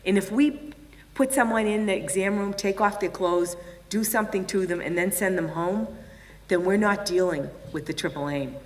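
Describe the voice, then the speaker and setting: A woman's voice: medium pitch, moderate pace. An older woman from the United States giving a conference keynote, telling stories and acting out the voices of the people in them. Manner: animated storyteller acting out quoted voices. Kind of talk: storytelling keynote talk. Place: large conference hall. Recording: distant mic in a reverberant hall.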